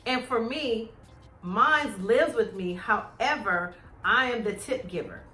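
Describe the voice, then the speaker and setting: A woman in her forties co-hosting a casual chat show, animated and expressive as she talks about her grown son. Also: takes it slowly, recorded from a distance. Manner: animated, acts out worried-mom questions in a higher voice. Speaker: podcast co-host. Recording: echoey room, off-mic.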